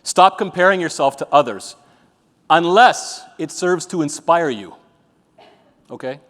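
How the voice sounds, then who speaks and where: A man's voice: on the high side, expressive, a little slow, fairly bright tone. A man giving a live motivational talk to an audience, blunt and profane, telling jokey stories. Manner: blunt, profane, joking storyteller. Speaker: motivational speaker. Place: event venue with an audience. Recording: reverberant event hall.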